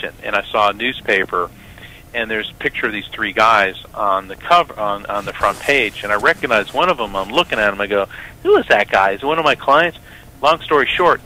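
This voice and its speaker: A man as a radio interview guest, an animated storyteller who acts out the voices of the people in his story. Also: mid-range voice, rough recording. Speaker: guest, psychic medium and lawyer.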